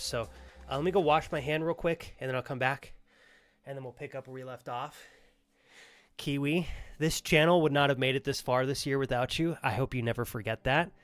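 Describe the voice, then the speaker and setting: A man's voice: medium pitch, a bit bright. A young adult man streaming a game live, chatting casually and earnestly thanking viewers by name. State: out of breath.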